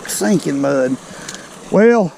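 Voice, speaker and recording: A man's voice: on the high side, animated, extremely slow, creaky, a little mellow, a little hiss or hum, rough recording. An older man, chatting folksily to his viewers while fishing on a creek bank outdoors, a bit out of breath. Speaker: fishing vlogger. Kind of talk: casual outdoor vlog. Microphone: body-worn camera.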